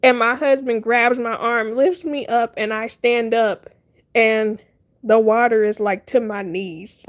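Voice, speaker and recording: A young woman livestreaming, telling a funny story to her chat in a casual, animated way, laughing often and acting out her panic. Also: on the high side. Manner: animated, laughing, dramatic retelling.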